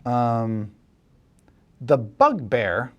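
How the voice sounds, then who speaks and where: A man serving as dungeon master, narrating a tabletop game in a relaxed, chuckling way with many fillers. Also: medium pitch, extremely slow, dull audio.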